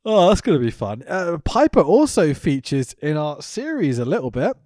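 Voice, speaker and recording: A man's voice: a little high, very animated, moderate pace, dark tone, no echo, clean studio sound. A man co-hosting a podcast, recapping wrestling in sweary, sarcastic casual chat and laughing often. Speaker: podcast co-host.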